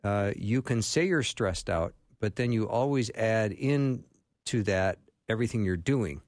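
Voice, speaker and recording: Low-voiced male talk show host. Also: unhurried, darkish tone, no room sound, clean studio sound. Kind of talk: radio talk show interview.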